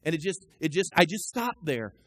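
A man preaching a sermon as a pastor, impassioned, swinging from shouts down to low, quiet passages. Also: very animated, normal speed, slightly rough, dry recording, poor audio.

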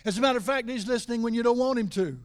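A middle-aged preacher with a high-pitched male voice gives a sermon, moving between loud, forceful lines and quiet, intimate asides. To make key words land, he slows down and draws them out.

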